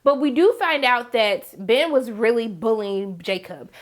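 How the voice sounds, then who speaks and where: A woman hosting a casual TV episode recap, talking straight to viewers in an animated, slangy, dramatic way. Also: on the high side, a little slow. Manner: animated, dramatic, acts out characters in quotes; slangy, emphatic, talks to viewers. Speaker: TV recap host.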